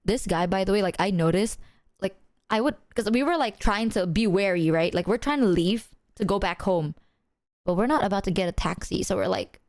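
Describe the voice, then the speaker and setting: A young woman streamer telling a story to her chat in a casual, animated way, full of "like" and the odd swear word. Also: medium pitch, brisk, no echo, studio quality. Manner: animated, chatty, heavy filler "like", swears.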